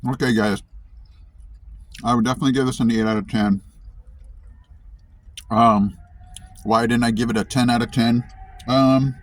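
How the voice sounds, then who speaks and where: A man's voice: medium pitch, fairly even intonation, moderate pace, long pauses. A man from East Tennessee, chatting casually while eating and reviewing a dish, talking with his mouth full and repeating himself. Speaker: vlogger. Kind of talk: casual food review vlog.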